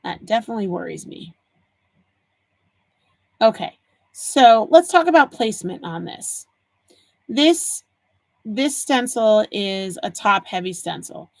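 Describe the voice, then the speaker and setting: A woman's voice: mid-range voice, lively intonation, slow pace, creaky, long pauses, no echo. A woman in her forties hosting a live stream, chatting casually with viewers and telling stories while she works on a craft project. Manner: chatty storyteller, answers viewers' comments. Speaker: livestream host.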